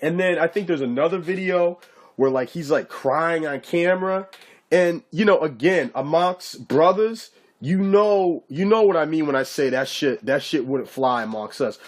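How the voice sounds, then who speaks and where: A man's voice: a little high, expressive, normal speed. A man giving a casual, profane ranting commentary to camera, mocking his target and often asking if you get what he's saying. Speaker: YouTube commentator.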